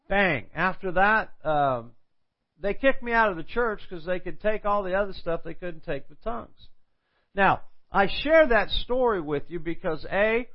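An older man preaching, telling a personal testimony in a storytelling way and acting out the people he quotes. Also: fairly high pitch. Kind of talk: sermon testimony. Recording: dull lo-fi sound.

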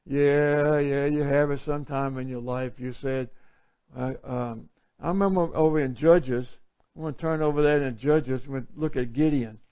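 A man's voice: medium pitch, steady tone, unhurried. A male preacher giving an earnest, conversational sermon full of rhetorical questions. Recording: dull lo-fi recording.

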